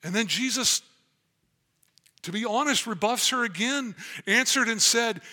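A man's voice: sits high, unhurried, pushed and bright. A man preaching a sermon as pastor, earnest and emphatic as he reads and explains scripture.

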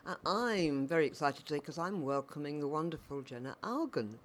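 A woman's voice: deep voice, lively intonation, fairly quick. A woman hosting a podcast, chatty and meandering, often restarting her questions. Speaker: podcast host. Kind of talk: interviewing a guest. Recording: faint background noise.

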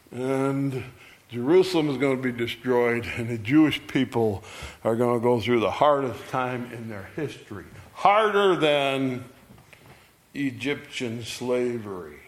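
A man teaching through a Bible passage verse by verse in a folksy, conversational way, reading scripture aloud and then explaining it. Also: mid-range voice.

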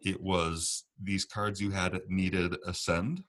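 A man with a very low voice rambles through casual card game talk as a podcast co-host. He laughs easily and lets his sentences trail off. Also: flat delivery, slow, a bit bright.

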